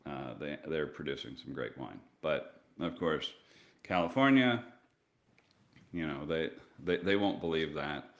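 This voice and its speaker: A man hosting a casual livestream, talking in a rambling, joking way with quick asides. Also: rumbling low, expressive. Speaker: company co-founder hosting a livestream.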